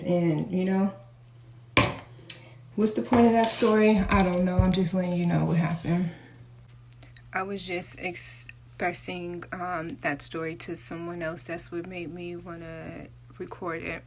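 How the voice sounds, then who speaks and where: A woman casually telling a personal story to her viewers, candid and animated as she acts out the dialogue. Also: on the low side, unhurried. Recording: echoey room, faint noise.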